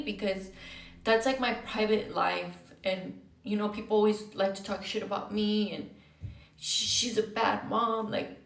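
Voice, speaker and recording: A young woman talks on a phone livestream, emotional and close to tears, blunt and sprinkled with profanity and Spanish words. Her voice sits in a middle pitch for a woman. The sound is roomy and she is a little away from the mic. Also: recorded from a distance, a little hiss or hum. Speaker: livestreamer answering viewer comments. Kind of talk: candid emotional livestream chat.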